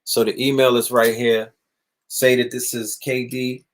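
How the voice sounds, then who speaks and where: A young man hosting a casual livestream monologue, animated and profane, sometimes mocking others in put-on voices. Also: medium pitch, unhurried. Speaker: livestream host.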